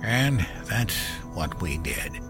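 An actor playing a gruff older war veteran father who tells a grim story in a blunt, profane way. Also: lowish voice, expressive, slow pace, over music. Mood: grim recollection. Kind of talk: audio drama storytelling.

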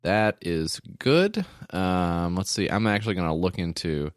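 A man's voice: deep voice, lively intonation, a little slow, no room sound, clean studio sound. A man co-hosting a podcast in loose, casual chat, full of "like" fillers and reading text aloud. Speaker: podcast co-host.

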